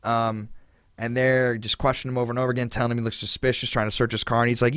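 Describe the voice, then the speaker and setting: A man's voice: medium pitch, little pitch movement, quick pace, fairly bright tone, smooth, no echo, clean studio sound. A man hosting a podcast, telling a story in casual chat with a lot of fillers, indignant and swearing freely. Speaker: podcast host.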